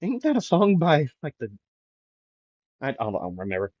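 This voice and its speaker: A man's voice: fairly high pitch, huge pitch swings, moderate pace, no room sound, lo-fi sound. A man improvising a fan fiction story in a rambling way, full of fillers.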